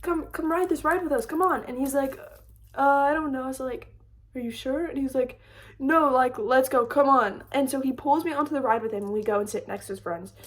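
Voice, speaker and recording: A young woman telling a storytime vlog story in a chatty, animated way, full of "like". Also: high-pitched, a little fast. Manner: chatty, lots of "like", animated retelling. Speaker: storytime creator. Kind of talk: casual storytime chat.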